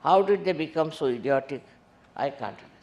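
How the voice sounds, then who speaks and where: A woman giving a sermon-like talk as a spiritual teacher, unhurried and emphatic, scolding as she speaks, recorded in an echoey hall. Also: deep voice, lively intonation, a little mellow, highs cut off.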